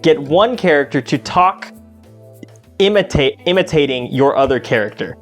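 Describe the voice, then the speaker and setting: A man co-hosting a podcast in relaxed casual chat, full of fillers and casual swearing. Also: on the high side, normal speed, soft background music. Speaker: podcast co-host.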